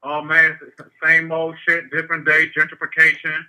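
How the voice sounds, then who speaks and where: A man's voice: on the high side, completely flat delivery, moderate pace, sharp tone, clean tone, rough recording. A man from the San Francisco Bay Area calling into a radio talk show, speaking casually. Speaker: caller.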